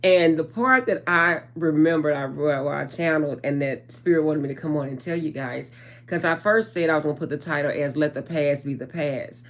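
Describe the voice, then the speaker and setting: A woman's voice: sits low, moderate pace. A woman channeling spiritual messages in a casual vlog, talking straight to her viewers in a chatty way. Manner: chatty, addresses viewers as guys, trails off with um.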